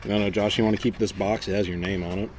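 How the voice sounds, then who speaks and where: Lower-voiced guy, dry and profane. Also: fairly even intonation, fast talker, background noise. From Birmingham, Alabama. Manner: crude, profane, dry joking. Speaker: podcast co-host. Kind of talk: casual chat.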